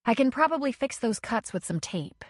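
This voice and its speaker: A woman narrator voicing a brisk, wry female medic. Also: a little high, expressive, no room sound, studio quality, pitched above the performer's own voice.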